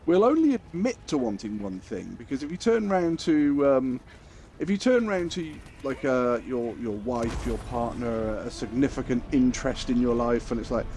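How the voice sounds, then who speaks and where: A man's voice: mid-range voice, animated, moderate pace, mellow. A man streaming live, telling crude, jokey stories in a rambling, casual way.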